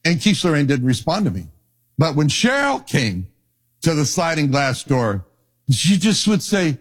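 An older man giving a sermon as pastor, telling folksy personal stories with an animated, conversational delivery. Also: a little high, unhurried, husky. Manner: storytelling, animated, folksy asides.

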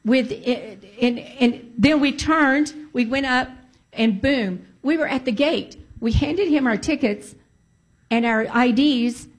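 A woman's voice: high-pitched, slow. Emphatic woman telling a story. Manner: emphatic, repeats phrases for emphasis. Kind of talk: casual storytelling.

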